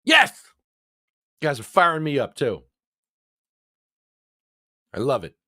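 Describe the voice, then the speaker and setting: A male show host in casual livestream commentary, talking back to what he reads in an animated way. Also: a little high, slow pace, no room sound, clean studio sound.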